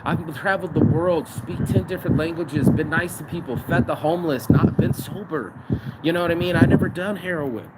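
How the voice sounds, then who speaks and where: A man's voice: fairly high pitch, brisk. A man ranting and telling stories with heavy swearing, recording himself on his phone out in the city. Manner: profane, venting, storytelling. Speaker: vlogger. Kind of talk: outdoor rant vlog. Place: outdoors in a city. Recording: noisy outdoor street recording. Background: traffic and street noise.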